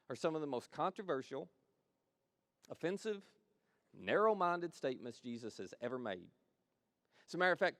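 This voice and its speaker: A male pastor delivering a sermon, with a voice that rises and falls in a lively, expressive way. He tells the story energetically and slips into the voices of the people in it. The sound is dry and close, with almost no room echo. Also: fairly high pitch. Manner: animated storytelling, acting out the disciples' voices.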